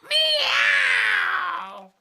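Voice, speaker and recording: A woman's voice: very high voice, expressive, extremely slow, gravelly, pushed and bright, shouting, pitched above the performer's own voice, exaggerated voice, low-quality recording. A woman reading a storybook aloud and putting on the voice of a stubborn little girl who purrs and meows like a cat. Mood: defiant. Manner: wheedling, purring and meowing.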